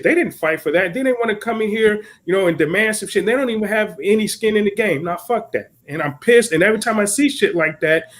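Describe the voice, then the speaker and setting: An American man co-hosting a podcast, delivering heated political commentary in an angry, profane rant. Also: sits high. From United States. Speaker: podcast co-host.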